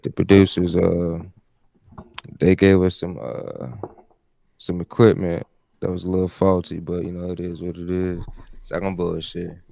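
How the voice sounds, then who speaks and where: Deep gravelly laid-back podcast guy. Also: level tone, moderate pace, mellow, no room sound. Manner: slangy, laid-back banter. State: under the weather. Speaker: podcast co-host. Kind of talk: casual chat. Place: home video call setup.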